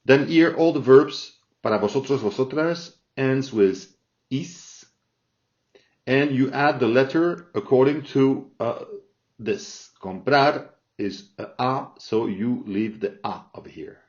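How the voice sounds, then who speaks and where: A man gives a slow, patient language lesson, often pausing to check in with "all right?" He speaks at a mid pitch and an unhurried pace. The recording sounds dull and lo-fi. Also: darkish tone. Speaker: Spanish teacher.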